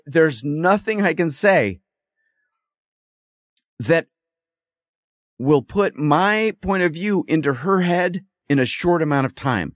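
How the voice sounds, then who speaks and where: Animated, exasperated man venting. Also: on the high side, no room sound, studio quality. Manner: exasperated, rambling storytelling. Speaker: podcast host. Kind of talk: casual solo monologue.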